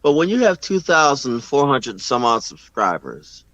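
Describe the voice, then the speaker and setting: A man's voice: mid-range voice, big pitch swings, normal speed, fairly bright tone, dull audio. A man talking bluntly in a casual podcast chat, often stammering and repeating words.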